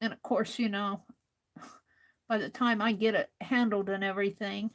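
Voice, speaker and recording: A tired woman hosting a late-night crafting livestream, talking softly to herself as she works. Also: medium pitch, fairly even intonation, moderate pace, long pauses. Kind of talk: casual talk while crafting live.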